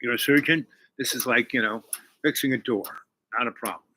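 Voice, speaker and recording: A man retelling a film who quotes a ruthless armed woman, giving flat, threatening orders. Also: medium pitch, fairly quick, close to an everyday voice, poor audio. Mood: cold menace. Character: cold ruthless woman with a gun.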